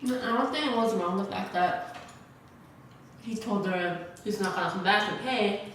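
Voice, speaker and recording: A woman's voice: mid-range voice, moderate pace, fairly bright tone, recorded from a distance. A young woman vlogger telling a casual story while eating, rambling with lots of "like" and "you know" fillers. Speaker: mukbang vlogger. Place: large, sparsely furnished new apartment room. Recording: very echoey room, voice off-mic, faint hiss.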